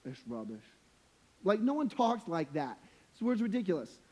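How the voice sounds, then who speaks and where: A man's voice: high voice, very animated, moderate pace, dark tone. A young adult man preaching a sermon as a pastor, in a casual, slangy, conversational way with humorous, emphatic points.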